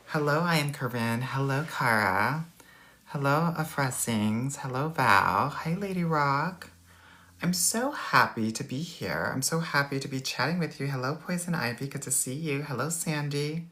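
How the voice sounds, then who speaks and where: Man, Valley Girl accent, dating coach, sassy, playful, slow, live-stream Q&A. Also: mid-range voice, sharp tone. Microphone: phone or laptop mic, livestream.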